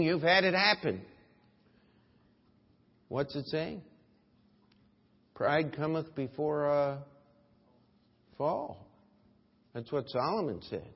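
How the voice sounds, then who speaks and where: A male pastor delivers his sermon in a high, husky voice, taking his time and leaning hard into loud emphatic lines before dropping quiet again. The room carries a long church reverb, and the audio sounds dull and muffled. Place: church sanctuary.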